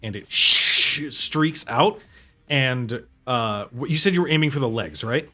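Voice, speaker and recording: A man's voice: mid-range voice, expressive, unhurried, sharp tone, soft background music. A man running a tabletop game as game master, narrating casually, with hesitant fillers and frequent laughs.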